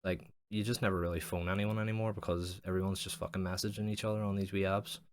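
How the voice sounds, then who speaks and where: A man's voice: low voice, flat delivery, fast. A young man, hosting a casual solo podcast and rambling with lots of swearing and "like". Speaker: podcast host.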